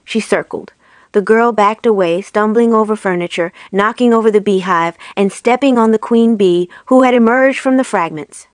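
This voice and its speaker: A woman narrating an audiobook in a measured, steady way. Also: medium pitch, clean tone, dry recording, studio quality.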